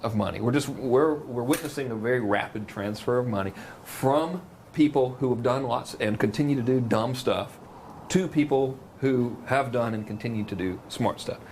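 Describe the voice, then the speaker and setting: A man's voice: mid-range voice, normal speed, darkish tone, a little hiss or hum. A man from Georgia with a Southern accent, rambling and joking as a guest in a casual interview. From Macon, Georgia, US. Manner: rambling, jokey, full of "you know". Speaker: marketing guest.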